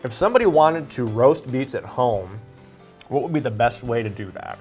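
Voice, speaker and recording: A woman's voice: extremely low pitch, animated, moderate pace, mellow, faint music behind. A woman hosting a casual TV interview in a studio kitchen, chatty and inquisitive, with frequent short acknowledgments. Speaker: TV host.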